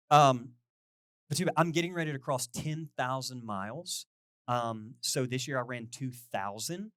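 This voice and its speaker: A middle-aged male pastor giving a chatty, animated sermon, poking fun at himself and acting out little conversations. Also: mid-range voice, no echo, clean studio sound. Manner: animated, self-deprecating, quotes people in lively voices.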